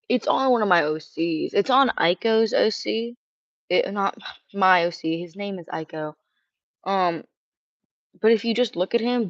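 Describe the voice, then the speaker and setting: Brief: feminine-sounding streamer, rambling rant with cursing, dull and dry mic. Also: female voice, mid-range voice, no echo. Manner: rambling, curses, reads chat questions aloud. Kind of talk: casual ranting livestream.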